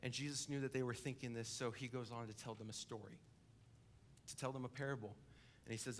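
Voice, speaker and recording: A young adult coordinator preaching a sermon in church, telling a story vividly, dropping to a hush and then building to emphasis. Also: male voice, mid-range voice, fairly even intonation, fairly quick, slight background noise. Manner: vivid storytelling, acting out the characters; swings between hushed and emphatic. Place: church service, live-streamed.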